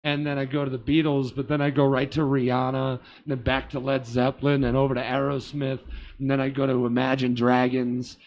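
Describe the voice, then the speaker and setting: A gravelly, creaky man from Boston talks as a podcast guest, his voice at a middle pitch. He rambles through stories with fillers and asides, loose and conversational. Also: little pitch movement, brisk, lo-fi sound. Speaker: guest comedian. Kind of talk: casual storytelling chat. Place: small theater.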